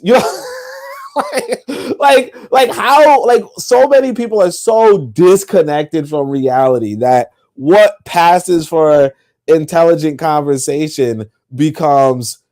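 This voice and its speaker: A man hosting a podcast livestream, his voice sitting a little high for a man. He rambles and circles back, packs his talk with fillers and curses, and sounds plainly exasperated. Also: animated, takes it slowly, darkish tone. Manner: exasperated, rambling, swears often, heavy fillers. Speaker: podcast host. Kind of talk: livestream monologue.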